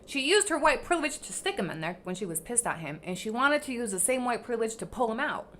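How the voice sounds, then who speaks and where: A woman's voice: a little high, big pitch swings, quick pace, fairly bright tone, a little hiss or hum. A young woman hosting a livestream, delivering a heated, profane commentary rant and hammering her points with repetition. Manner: fiery, profane, emphatic, repeats herself. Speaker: livestream host.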